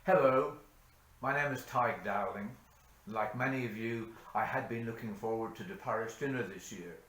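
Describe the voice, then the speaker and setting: A man from rural Ireland, reciting a bush poem in a measured, theatrical storytelling voice. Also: fairly low pitch, sharp tone, slight background noise. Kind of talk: poetry recitation. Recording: echoey room.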